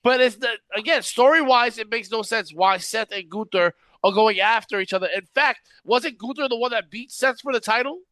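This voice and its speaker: A man's voice: very high voice, moderate pace, few pauses, sharp tone, no echo, studio quality. A man hosting a casual wrestling podcast, ranting in an exasperated tone and laughing often. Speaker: podcast host.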